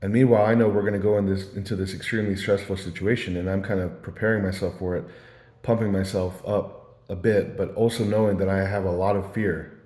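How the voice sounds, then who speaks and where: Man, low and mellow, loose rambling storyteller, echoey room. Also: fairly even intonation, brisk. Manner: meandering storytelling with many fillers and restarts. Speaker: vlogger. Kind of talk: casual rambling monologue. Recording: roomy echo.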